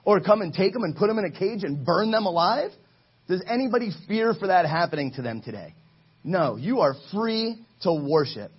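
A man in his thirties preaching a sermon to his congregation in a church, energetic and exhorting, calling for answers from the pews. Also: high-pitched, moderate pace, breathy edge, dull audio. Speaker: pastor. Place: church sanctuary.

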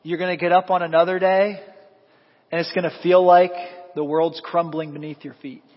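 A man preaching a sermon as pastor, animated and quizzing the congregation with questions. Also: a little high, normal speed. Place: church sanctuary. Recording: echoey hall, dull lo-fi sound.

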